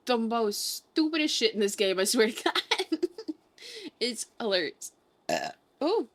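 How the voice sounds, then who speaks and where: A woman's voice: medium pitch, fairly bright tone. A young woman streaming a game, chatting casually with her chat in a playful, sarcastic way, swearing freely and sounding sleepy.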